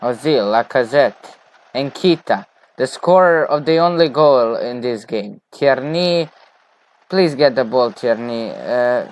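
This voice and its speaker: A man talking over his football management game, reacting to each chance and shouting player names when his team scores. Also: fairly high pitch, lively intonation, slow pace. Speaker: gaming video creator.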